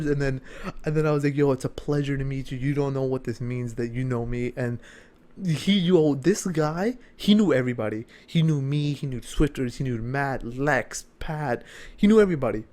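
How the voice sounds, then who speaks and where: A young man recounts a story to his viewers in a casual vlog, his voice sitting a little high for a man. He talks fast and swears freely, now and then leaping into shouted excitement. It sounds like a room at home. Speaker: gaming YouTuber.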